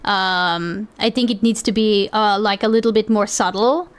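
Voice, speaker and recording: A woman's voice: medium pitch, fairly even intonation, normal speed, clear, resonant tone. A woman streaming, reacting to videos in casual commentary, blunt and profane, often talking over the clip.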